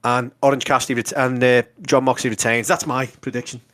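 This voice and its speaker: A man's voice: medium pitch, flat delivery, brisk, a bit bright, no echo, studio quality. A man co-hosting a casual wrestling podcast, blunt and ranting, swearing a lot. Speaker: podcast co-host.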